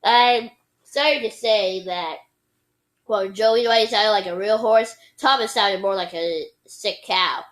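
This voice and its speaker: A woman's voice: mid-range voice, unhurried, a bit bright, poor audio. A woman reading a children's book aloud expressively, with playful sound effects and occasional slips. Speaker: reader.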